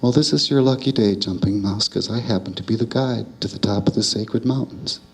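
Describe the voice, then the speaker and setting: A man's voice: on the low side, a little fast, close to an everyday voice. A man voicing a helpful male wolf who guides the way in a traditional animal tale. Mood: friendly.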